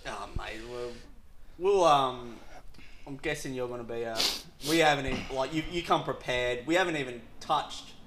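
A man's voice: medium pitch, moderate pace, a bit bright, slight background noise. A man hosting a casual podcast, easygoing and laughing along with his guest. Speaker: podcast host.

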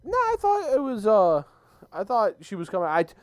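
A young man co-hosting a casual sports podcast from his basement office, telling stories in an excitable, animated way. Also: sits high, moderate pace, no room sound, soft background music. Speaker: podcast co-host.

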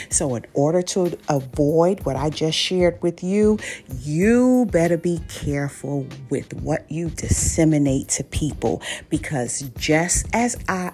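A woman's voice: low voice, a little mellow. A woman hosting a faith-based podcast, telling a personal story in a chatty way and then preaching firmly to listeners. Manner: conversational, anecdotal, then preachy and emphatic. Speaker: podcast host.

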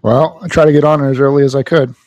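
A man's voice: mid-range voice, steady tone, fast, a little mellow, no echo, dull audio. A man who is a parent, co-hosting a casual podcast and teasing his partner in playful banter. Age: 30s to 40s, a parent. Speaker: podcast co-host. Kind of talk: casual chat.

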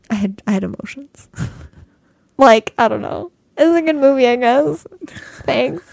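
A woman co-hosting a casual chat, animated and sarcastic, swearing freely. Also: on the high side, unhurried, gravelly, no echo, clean studio sound. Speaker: podcast co-host.

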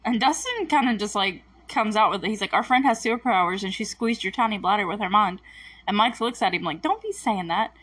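Animated woman recapping a show. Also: medium pitch, brisk, breathy edge, no echo, recorded from a distance, low-quality recording. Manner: animated, laughs often, acts out characters' lines. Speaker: recap host. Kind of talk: casual episode recap.

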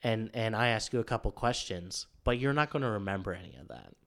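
A man's voice: lowish voice, expressive, a little fast, a bit bright. A man telling a story in a casual chat, rambling with many fillers and acting out what others said. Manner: rambling, filler-heavy, acts out quotes.

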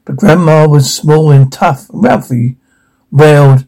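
A storyteller reads a rhyming fairy tale aloud to children, playful and expressive. His voice is on the high side at a measured pace, and the recording is rough.

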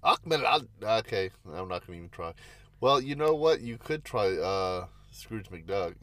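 A man's voice: low-pitched, moderate pace, no room sound. A man co-hosting a podcast, teasing and joking with his partner in casual chat. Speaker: podcast co-host.

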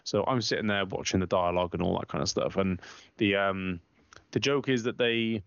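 With a low voice, vocal fry, and a moderate pace, this man co-hosts a casual podcast, swearing through meandering stories and quoting others loudly and animatedly. The recording is dull, lo-fi, and dry.

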